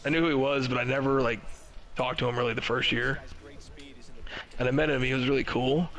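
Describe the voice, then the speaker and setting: A man's voice: medium pitch, fairly even intonation, brisk, fairly bright tone, poor audio. A young man telling a rambling, swear-heavy story in a casual podcast chat, acting out what people said. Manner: laid-back, swears a lot, acts out quotes. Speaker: podcast host.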